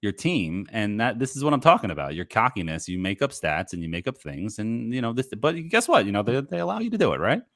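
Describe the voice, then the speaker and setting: A man's voice: fairly low pitch, fast talker, few pauses, no room sound, studio quality. A man guest on a podcast, chatting casually over a remote call and laughing easily. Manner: animated, rambling, laughs easily. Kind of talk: casual chat.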